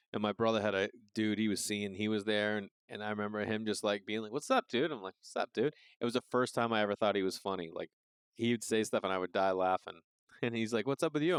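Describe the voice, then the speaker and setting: Profane comedian riffing, smooth voice. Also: male voice, fairly low pitch, no room sound, clean studio sound. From Massachusetts. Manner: loose, profane, riffing with asides. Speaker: podcast host. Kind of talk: casual comedic monologue.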